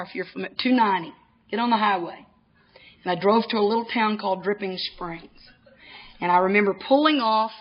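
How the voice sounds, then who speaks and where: A woman giving a humorous personal testimony to an audience, a lively storyteller who often laughs at herself. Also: mid-range voice, husky, dull audio. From Texas, USA. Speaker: recovery speaker. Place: convention hall gathering.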